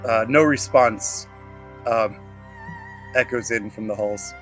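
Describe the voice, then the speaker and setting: A man's voice: fairly low pitch, slow, a bit bright, faint music behind. A man running a tabletop game as game master, describing scenes hesitantly with many fillers.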